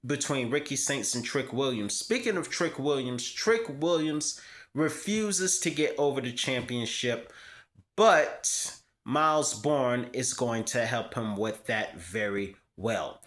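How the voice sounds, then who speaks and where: Slow, emphatic man hosting wrestling talk. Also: fairly high pitch, a bit bright. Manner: emphatic, repeats words for emphasis. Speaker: wrestling show host. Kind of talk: casual vlog commentary.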